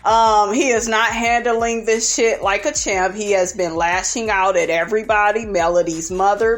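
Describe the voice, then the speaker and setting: A woman hosting a casual reality TV recap, sassy and blunt, swearing freely and tossing in "honey" and "okay" as she gossips. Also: medium pitch. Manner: profane and blunt.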